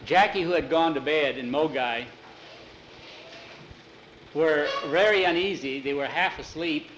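A man's voice: unhurried, a bit bright, a little hiss or hum, poor audio. Man telling a spooky story aloud. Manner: unscripted retelling with restarts, lifts pitch for scared boys. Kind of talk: spoken storytelling, voicing characters.

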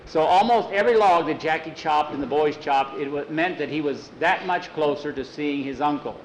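A man telling a story aloud in a folksy, unhurried way, with small restarts and slips. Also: a little high, a little hiss or hum, low-quality recording. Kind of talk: casual oral storytelling.

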